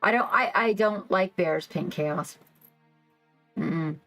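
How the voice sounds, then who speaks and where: A woman hosting a casual livestream, rambling excitedly and reacting to her chat. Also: on the low side, takes it slowly, creaky, rough recording. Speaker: livestream host. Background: faint background music.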